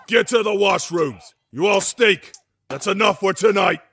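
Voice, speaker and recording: Man as a gravelly elf commander, loud barking orders, gruff, audio drama, fairly high for a man. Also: a little fast, heavily acted. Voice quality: deep and gravelly. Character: gruff male elf army commander, always shouting.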